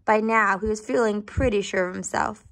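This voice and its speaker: A woman reading a storybook aloud to children, pausing to ask questions and dropping into soft whispered asides. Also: medium pitch, fairly even intonation. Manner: gentle, asks the listener questions, whispered asides.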